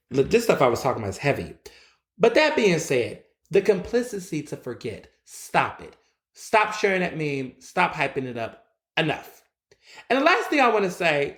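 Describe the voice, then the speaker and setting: A man's voice: a little high, a bit bright, reverberant. A man hosting his own solo podcast, ranting bluntly and with plenty of profanity. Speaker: podcast host. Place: recording in Philadelphia.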